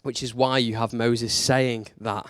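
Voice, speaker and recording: A male preacher delivers a conversational sermon in a mid-range, level voice at a measured pace, with a fairly bright tone and no echo. He's dry, upfront and candid, throwing out rising, emphatic rhetorical questions.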